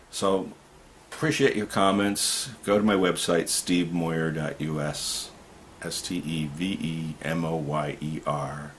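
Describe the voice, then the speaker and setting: A man's voice: extremely low pitch, slight background noise. A man giving an impassioned political monologue to camera, indignant and ranting, often rising to outbursts. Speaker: video commentator.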